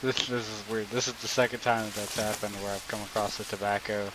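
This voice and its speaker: A man hosting a game tutorial drawls through casual gameplay commentary in a lowish voice at a brisk pace. He sounds relaxed and uses many fillers, while loud rain and jungle game sounds fill the background.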